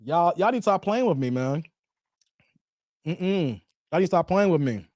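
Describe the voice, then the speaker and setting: High-voiced laughing man in his forties. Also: normal speed, no room sound, clean studio sound. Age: 40s. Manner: laughs often, playful banter; animated, repeats "hey, man". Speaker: YouTube host. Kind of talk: casual live-stream chat reading viewer comments.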